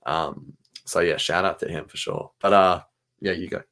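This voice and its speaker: A man's voice: low voice, fairly even intonation, moderate pace, fairly bright tone. A man co-hosting a fan podcast, chatting casually and enthusiastically with many fillers. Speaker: podcast co-host.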